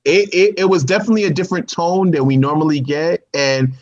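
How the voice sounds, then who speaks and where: A man co-hosting a TV review show in casual chat, animated and laughing often, repeating himself as he talks. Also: on the high side, brisk. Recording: dull lo-fi audio.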